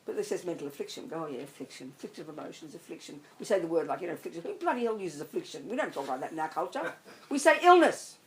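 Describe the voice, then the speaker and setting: A woman's voice: on the low side, sing-song, racing, slight background noise, poor audio. A woman, a Buddhist nun, giving an emphatic, blunt dharma talk to a group. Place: meditation centre hall.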